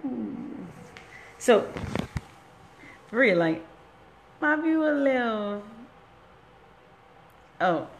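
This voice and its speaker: Woman with vocal fry live-streaming from work. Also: fairly high pitch, big pitch swings, extremely slow, long pauses. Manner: rambling, loose and conversational, breaks off to greet viewers. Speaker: inspirational speaker on a live stream. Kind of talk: casual motivational live-stream talk. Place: indoors at her workplace. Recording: echoey room with faint background noise.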